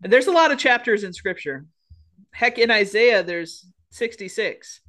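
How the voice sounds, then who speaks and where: A woman's voice: mid-range voice, lively intonation, moderate pace, fairly bright tone. A woman co-hosting a casual faith podcast, earnest and encouraging, rambling a little with restarts. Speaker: podcast co-host.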